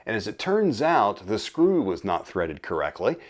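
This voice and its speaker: A middle-aged man hosting a casual workshop vlog, talking folksy and unhurried about cleaning and oiling a guitar, with friendly asides and fillers. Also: on the low side, big pitch swings. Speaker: channel host restoring guitars.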